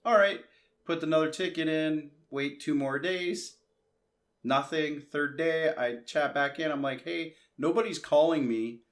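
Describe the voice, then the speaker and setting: A man's voice: a little high, fairly even intonation, measured pace, a bit bright. A man from Canada, a tech vlogger, telling a long casual story and acting out both sides of his chats with customer service. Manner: chatty, re-enacts conversations in quoted asides, frequent restarts.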